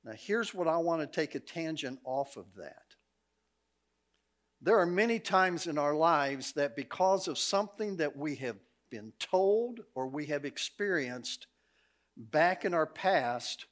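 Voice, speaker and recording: A middle-aged man preaches from a church stage. His voice sits a little high, and he tells stories in a folksy, good-humored way, often breaking into laughter. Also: a bit bright. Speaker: guest preacher. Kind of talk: sermon with storytelling. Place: church sanctuary.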